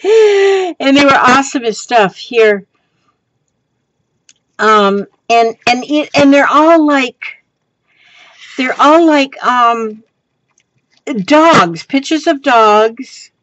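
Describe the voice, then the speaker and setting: A crafting vlogger with a high-pitched, animated, fairly bright voice chats casually while showing off her crafts, speaking extremely slowly and pausing often. She rambles with lots of ums and restarts and keeps breaking into giggles. The audio is dull but has no echo.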